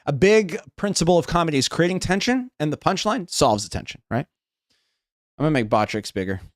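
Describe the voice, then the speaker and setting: A man's voice: fairly high pitch, animated, a little fast, no echo, clean studio sound. Rambling West Coast American young man. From United States. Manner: rambling, swearing, thinking aloud while reading chat. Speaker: streamer. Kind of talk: casual livestream chat.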